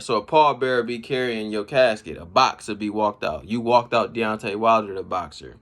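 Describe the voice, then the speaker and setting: A man giving casual, slangy commentary on rap battle bars. He reacts with laughs and shouts as he explains each line. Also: mid-range voice, animated, moderate pace, hardly any pauses. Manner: slangy street talk. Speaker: battle rap breakdown host.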